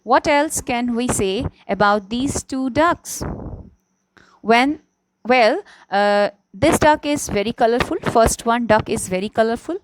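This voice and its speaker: A woman's voice: a little high, background noise. A young adult woman teaching an online class, patiently explaining and repeating key words, often checking in with "okay?". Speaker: English teacher. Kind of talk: slow, simple classroom explanation.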